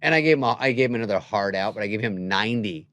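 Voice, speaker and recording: A man's voice: racing, no echo. A middle-aged man telling comedy stories in casual chat, acting out voices as he quotes people. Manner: animated, acts out quotes with loud jumps in pitch. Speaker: comedian guest.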